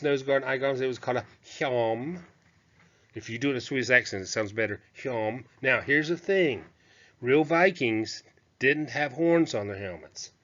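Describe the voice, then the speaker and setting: A man gives a chatty, digressive lecture on historical costume, talking through slides with fillers and asides. His voice is mid-range and a bit bright, heard on a dull, muffled lo-fi recording.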